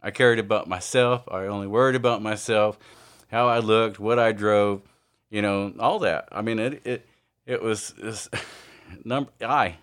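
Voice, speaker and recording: A man giving an informal, earnest sermon, halting often with fillers and restarts. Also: lowish voice, fairly bright tone, clean tone. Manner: earnest, confessional. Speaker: preacher.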